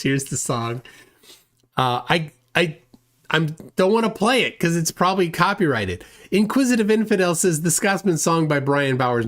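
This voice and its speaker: A man's voice: on the high side, a bit bright. A man hosting a casual livestream, reading viewer comments aloud and rambling with self-deprecating chuckles. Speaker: livestream host.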